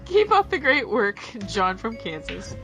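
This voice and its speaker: A woman's voice: fairly high pitch, sing-song, measured pace, music in the background. A woman co-hosting a podcast, chatting casually and reading listener mail aloud. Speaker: podcast co-host.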